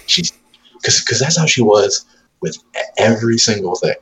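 Deep-voiced thirties dad, swears freely, mimics his kid in chat, faint background hum. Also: lively intonation, moderate pace, a bit bright, poor audio. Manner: profane storytelling, acts out his toddler's lines. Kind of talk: casual chat.

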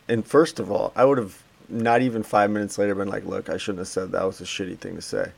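A man's voice: on the low side, quick pace, creaky, hardly any pauses. A man in his thirties co-hosting a casual chat, telling a story with plenty of swearing and acting out the quotes. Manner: storytelling, animated, acts out quotes. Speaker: podcast co-host.

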